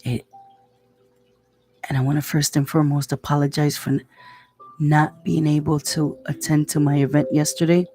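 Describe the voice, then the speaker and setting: Soft-spoken low-voiced woman podcast host. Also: level tone, normal speed, pauses often, soft background music. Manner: speaks softly, hushed, to avoid waking children; effusive, greets listeners by name. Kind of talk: casual motivational talk. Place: home, with children asleep in the next room.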